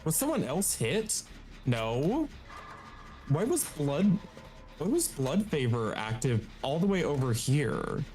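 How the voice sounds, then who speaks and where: A man talks slowly and dryly while playing a game with friends, his pitch moving freely as he asks what is going on. He sounds unhurried and plain. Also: big pitch swings, a little mellow. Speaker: teammate. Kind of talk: casual chat while gaming.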